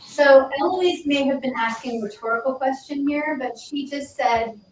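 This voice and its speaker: A woman's voice: sits high, normal speed, crowd noise. A woman in casual chat, giving short reactions and relaying what others say. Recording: distant voice in echoey noisy room.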